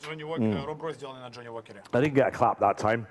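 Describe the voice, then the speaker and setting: A man presents at a crowded trade show, speaking in an even middle pitch. He chats and jokes with the listeners between facts, and a busy crowd hums loudly behind him. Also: slow pace. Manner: chatty, jokes with the audience. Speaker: whisky brand presenter. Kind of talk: live presentation with interpreter. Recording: loud crowd noise behind.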